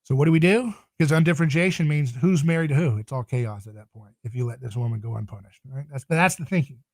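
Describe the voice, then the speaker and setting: A man's voice: medium pitch, quick pace, no echo. A man speaking as a podcast guest in a passionate, emphatic, preaching tone. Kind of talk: podcast interview.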